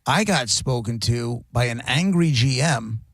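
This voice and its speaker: Unhurried and mid-range, this male radio host chats casually on air, telling stories animatedly and performing other people's quotes as he goes. The studio sound is clean, with no echo.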